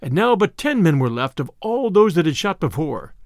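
A man narrating a classic storybook tale in an expressive reading of archaic prose. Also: on the high side, normal speed, no echo, studio quality.

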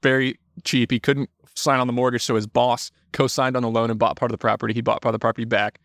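Animated man telling stories, dry sound. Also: mid-range voice, fast talker, dry recording. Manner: animated, swears freely, acts out quotes. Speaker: podcast guest, entrepreneur. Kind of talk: casual storytelling.

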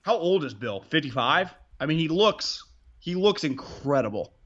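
A man co-hosting a casual sports podcast, rambling, excitable and profane as he talks. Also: on the high side, moderate pace, dull audio. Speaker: podcast co-host.

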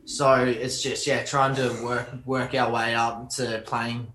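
An easygoing Australian man with a bright voice and a casual, slangy way of talking, a guest on a podcast. His voice carries a roomy echo. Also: mid-range voice, level tone, takes it slowly, slight background noise. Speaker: band member, guest. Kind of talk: casual interview chat.

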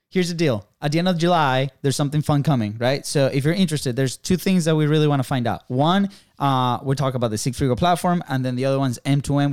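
A man co-hosting a podcast, upbeat and quick to laugh, who walks listeners through numbered action points. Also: mid-range voice, a little mellow, clear, resonant tone, no room sound, studio quality. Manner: upbeat, laughs easily, sums things up in lists. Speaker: podcast co-host. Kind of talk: casual podcast chat.

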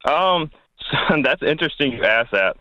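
A man's voice: a little high, animated, moderate pace, no echo. Polite young male caller on a dull line. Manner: polite, says "yes, sir".

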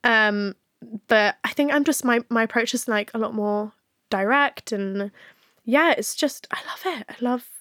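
A woman's voice: fairly high pitch, measured pace, fairly bright tone, no room sound, clean studio sound. A woman hosting a podcast, talking frankly in a casual chat, swearing freely and laughing often. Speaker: podcast host.

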